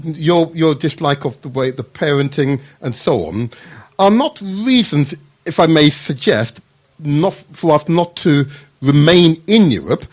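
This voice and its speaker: Emphatic male radio guest with a lively, swinging pitch and a slightly high voice. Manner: emphatic, repeats key words. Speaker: studio guest. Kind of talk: radio debate.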